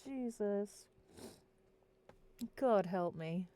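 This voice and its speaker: A woman's voice: medium pitch, expressive, very slow, warm tone, slight background noise. A tired woman streaming a worldbuilding session, chatting casually, giggling often and talking to her pets.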